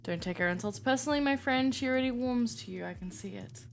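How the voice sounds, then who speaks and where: A woman's voice: on the high side, fast talker, soft background music, pitched above the performer's own voice, lightly acted. A woman voicing a courteous male vampire with a put-on German accent, speaking stiffly and formally.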